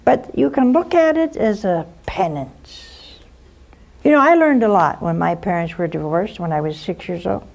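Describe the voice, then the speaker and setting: A woman's voice: medium pitch, lively intonation, moderate pace, gravelly, a little mellow. An older woman, a nun, gives advice to a caller and tells stories from her own life in an earnest, direct way, often ending a point with "huh?" or "see?". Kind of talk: advice talk with personal storytelling.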